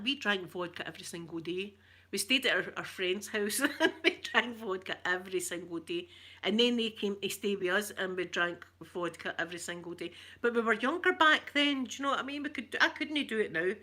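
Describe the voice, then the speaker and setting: A woman with a broad Glaswegian accent hosts a casual chat with her viewers. Her voice is bright and sharp, and she wanders from story to story with easy, self-mocking laughs. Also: medium pitch, lively intonation, normal speed. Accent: Glaswegian Scottish. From Glasgow, Scotland. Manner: rambling and chatty, laughs often, self-mocking. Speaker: ASMR channel host reading viewer comments.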